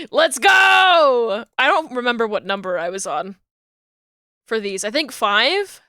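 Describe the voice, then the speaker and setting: A woman's voice: mid-range voice, expressive, moderate pace, bright, forceful tone, no room sound, clean studio sound. A woman streaming live, chatting casually and playfully with her viewers and giggling while she works. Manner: playful and giggly, talks to chat while working.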